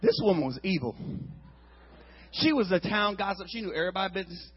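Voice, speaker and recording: A man tells a comedy story on stage in a husky, high voice. His pitch swings all over as he acts out booms and shouts. The recording sounds dull and lo-fi. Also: lively intonation, a little fast. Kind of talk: stand-up storytelling.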